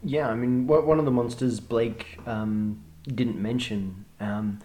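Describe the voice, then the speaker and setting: Guy hosting a chat podcast, jokey and self-deprecating, apologizes a lot, mid pitch. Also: fairly even intonation, slow, dark tone. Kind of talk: casual panel discussion.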